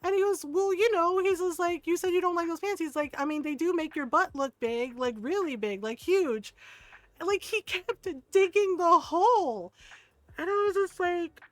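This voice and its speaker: A middle-aged woman streams a game and swaps stories in a loose, casual way. Her voice sits high, and it comes across close and dry. She laughs and swears easily as she plays out the voices of the people in her stories. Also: moderate pace, no room sound. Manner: laughs often, swears, acts out quoted voices. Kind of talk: casual storytelling chat while gaming.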